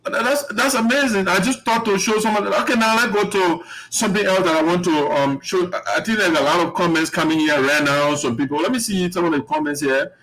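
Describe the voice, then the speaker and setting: A man's voice: sits high, fairly quick, hardly any pauses, fairly bright tone, low-quality recording. A man hosting a live online talk show, rambling, laughing often and reading out viewer comments. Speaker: host.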